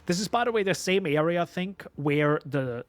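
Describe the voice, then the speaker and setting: A man chats through a live gaming stream, drifting from thought to thought as he addresses his viewers. His voice sits a little on the high side, with soft music under it. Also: animated, moderate pace. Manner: rambling, chatty, talks to viewers. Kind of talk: live gameplay commentary.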